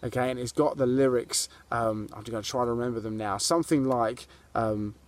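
A man's voice: medium pitch, a little fast. A man preaching a sermon to people watching online, earnest and conversational, asking his listeners questions as he goes. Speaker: pastor. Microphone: video to online viewers.

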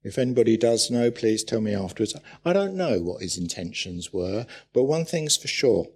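A man preaching a sermon in a church, telling stories with animated, urgent bursts. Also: fairly low pitch, moderate pace, slight background noise. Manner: animated storytelling with sudden loud urgent bursts.

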